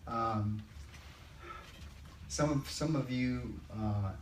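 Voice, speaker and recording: Older male study-group leader, conversational, in a roomy space and heard from a distance. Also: medium pitch. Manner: conversational, slows down to read scripture. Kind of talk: Bible study discussion. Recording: roomy, distant mic, faint background noise.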